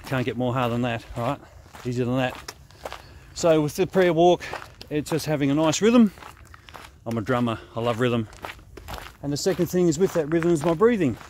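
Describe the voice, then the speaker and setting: An Australian man, a host and spiritual director, teaching prayer walking in a relaxed, conversational way while walking in the bush, slightly short of breath. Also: medium pitch. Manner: relaxed, conversational, often asks "right?". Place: outdoors in bushland on a walking track. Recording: faint outdoor noise.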